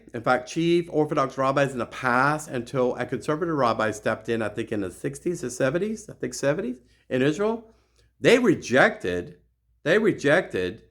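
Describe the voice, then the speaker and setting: A middle-aged man hosting his own show, giving an impassioned religious monologue that is full of repeats and restarts. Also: mid-range voice. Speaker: show host.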